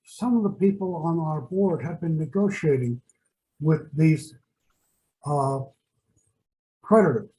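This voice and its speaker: Mellow-voiced man with the hiccups. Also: fairly high pitch, takes it slowly, long pauses, rough recording. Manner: insistent, firmly stating preferences. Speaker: board member. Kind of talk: business meeting discussion. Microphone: video call.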